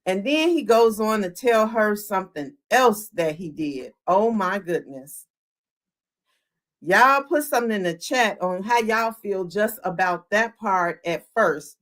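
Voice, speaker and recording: On a live-streamed podcast, a woman with a medium-pitched, unhurried voice recaps a show's scenes with energy. She is animated, acts out quotes, and talks to her chat, asking them questions.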